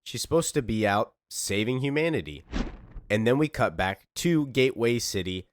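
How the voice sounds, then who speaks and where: A man's voice: medium pitch, big pitch swings, moderate pace, no room sound, studio quality. A man casually narrating a comic story recap in a chatty way. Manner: casual, chatty, fills in with 'like'.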